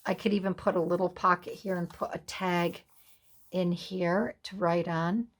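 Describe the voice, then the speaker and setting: A woman from the USA hosting a casual craft flip-through, softly gushing over each page. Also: on the low side, flat delivery, normal speed. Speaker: craft vlogger.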